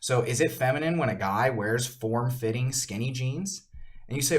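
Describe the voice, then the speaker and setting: A man co-hosting a church podcast in casual conversation, speaking forcefully and insistently. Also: medium pitch, animated, normal speed.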